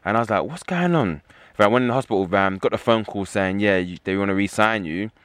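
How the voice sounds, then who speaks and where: A young man rattles through his story at a fast clip, voice sitting fairly low. The sound is dry and close, with no room around it. He keeps circling back to "you know what I mean" as he talks. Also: fairly even intonation, a bit bright, clear, resonant tone, no echo. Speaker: professional fighter as guest. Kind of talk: casual interview talk.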